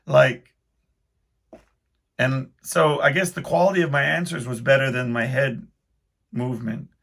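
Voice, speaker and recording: A man's voice: medium pitch, fairly even intonation, measured pace, gravelly, a bit bright. A man hosting his own podcast, telling a rambling, self-deprecating story in casual speech full of restarts. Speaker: podcast host.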